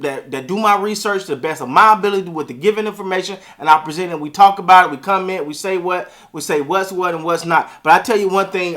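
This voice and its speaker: A man, giving a casual sports opinion monologue in an animated, repetitive and colloquial way. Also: sits high. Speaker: sports commentator.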